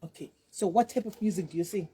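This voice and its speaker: A woman's voice: medium pitch, quick pace, dark tone, a little hiss or hum. A woman hosting a casual live-stream interview, chatty and coaxing, switching between Shona and English and repeating her words.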